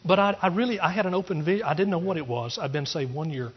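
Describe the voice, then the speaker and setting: Man, pastor from East Texas, testimony sermon, husky, muffled lo-fi recording. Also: a little high, fast. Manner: earnest, rambling with restarts, rising to emphatic preaching.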